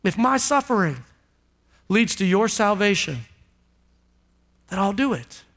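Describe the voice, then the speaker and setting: A man preaching a sermon, voicing a suffering man on a cross who speaks of forgiveness in a solemn, slow, hushed way. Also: high-pitched, big pitch swings, exaggerated voice.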